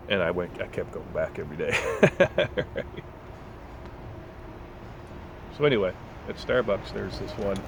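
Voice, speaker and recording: Very deep-voiced man ranting, blunt and profane. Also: creaky, background noise. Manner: blunt, swearing, storytelling with mocking voices. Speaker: vlogger. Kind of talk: profane casual rant.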